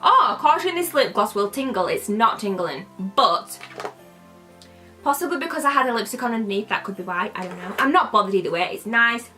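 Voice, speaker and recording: A woman's voice: on the high side, expressive, fairly quick, bright, forceful tone, soft background music. A young British woman chatting casually while unboxing beauty products, playfully shifting her accent as she talks. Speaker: beauty vlogger.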